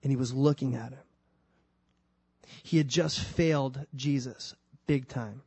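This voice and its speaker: A man's voice: medium pitch, fairly even intonation, a little slow, darkish tone, breathy edge, dry recording. A man preaching a conversational sermon and telling the story with emphatic delivery.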